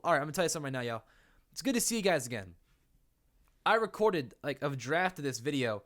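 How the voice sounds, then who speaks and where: A man's voice: a little high, very animated, quick pace, long pauses, fairly bright tone. A young man talking casually and playfully in an unscripted commentary, laughing often. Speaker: YouTuber.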